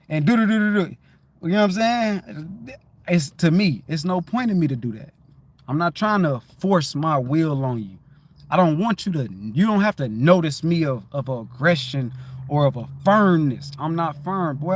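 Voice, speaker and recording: A man's voice: a little high, lively intonation, moderate pace. A middle-aged man hosting a livestream, talking casually and telling a story, often asking "you know what I'm saying" and acting out his greetings in a raised voice. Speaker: livestream host. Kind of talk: casual spoken monologue.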